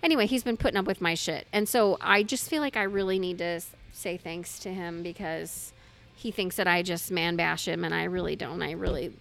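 Bright-voiced chatty woman podcaster. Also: on the low side, a little fast, gravelly, faint music behind. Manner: chatty, animated storytelling with laughs. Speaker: podcast co-host. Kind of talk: casual podcast chat.

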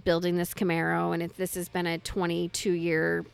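A woman in her thirties co-hosting a casual podcast, telling stories in a chatty, animated way. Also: fairly low pitch, normal speed, vocal fry, clean tone, soft background music. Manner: chatty, animated storytelling with laughs. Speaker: podcast co-host.

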